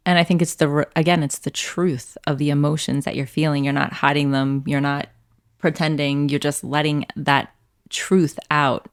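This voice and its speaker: A woman's voice: deep voice, flat delivery, moderate pace, clean tone. A woman co-hosting a faith podcast, speaking in an earnest, reflective way and often affirming the others. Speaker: podcast co-host. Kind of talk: casual faith discussion.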